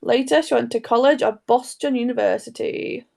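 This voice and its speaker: A woman's voice: a little high, moderate pace, creaky, darkish tone. A young woman co-hosting a casual true crime podcast, rambling and breaking into her own story. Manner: rambling, self-interrupting storyteller. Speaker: podcast co-host.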